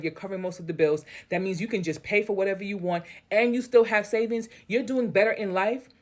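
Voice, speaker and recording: A woman reading an online post aloud and breaking off into blunt, candid commentary, swearing freely. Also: mid-range voice. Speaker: story reader and commentator.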